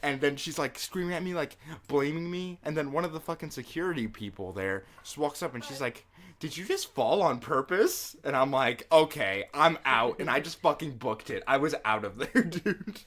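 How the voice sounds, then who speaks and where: A young man co-hosting a casual podcast, telling stories in an animated way, swearing and laughing often. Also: fairly high pitch, fairly quick. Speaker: podcast co-host.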